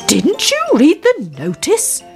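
Storybook figure: woman doing a firm farmer giving a gentle telling-off. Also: high-pitched, huge pitch swings, slow, vocal fry, soft background music, voice pushed up, full character voice. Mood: lecturing. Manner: lecturing, firm. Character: stern but kindly male farmer.

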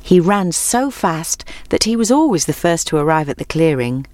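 A woman reading a children's story aloud in a gentle, clear, expressive way. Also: deep voice, normal speed, dry recording.

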